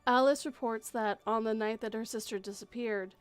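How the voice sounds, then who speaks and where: A woman reading the lines of a male police sergeant who gives a measured, matter-of-fact report. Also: a little high, fairly even intonation, clear, resonant tone, soft background music, natural voice. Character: stern male police sergeant giving a statement.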